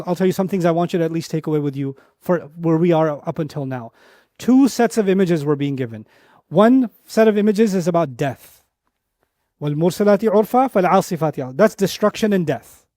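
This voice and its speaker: A man giving an Islamic lecture on Quran verses, telling an animated story, repeating phrases for emphasis and reciting Arabic verses quickly. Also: sits high, no echo, clean studio sound.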